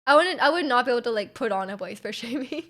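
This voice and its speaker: A woman chatting on a live stream in a voice sitting a little on the high side. She talks loudly and energetically, piling up fillers and reading chat aloud. Her volume rises and drops at random. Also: fast talker. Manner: loud and energetic, volume jumps around.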